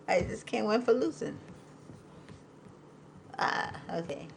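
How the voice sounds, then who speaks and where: A woman hosting a live podcast in casual chat, emotional and quick to laugh, talking in a loose, rambling way. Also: mid-range voice, vocal fry, a little hiss or hum, low-quality recording. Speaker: podcast host.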